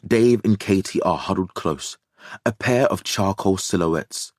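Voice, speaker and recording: A man narrating an audiobook thriller in a measured, even storytelling manner. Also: sits low, dry recording, clean studio sound.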